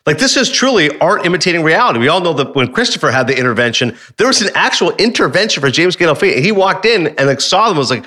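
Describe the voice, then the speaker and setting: A man co-hosting a casual sports and pop culture talk show, animated and full of quick asides. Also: on the high side. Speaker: co-host.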